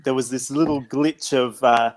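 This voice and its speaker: A man's voice: mid-range voice, fairly even intonation, moderate pace. A man speaking English as a panel guest, with a playful, laughing manner. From Romania. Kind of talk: casual chat.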